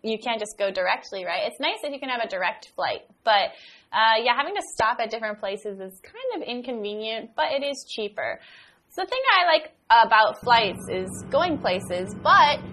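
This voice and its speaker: An American woman chats and laughs easily while co-hosting an English lesson. Her voice sits a little high and moves around a lot, with a lively up-and-down lilt. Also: moderate pace. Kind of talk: casual conversation game.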